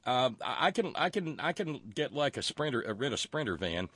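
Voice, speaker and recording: A man's voice: medium pitch, very animated, a little fast, fairly bright tone, slight background noise. A man hosting a casual call-in chat, with folksy banter and lots of restarts. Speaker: show host.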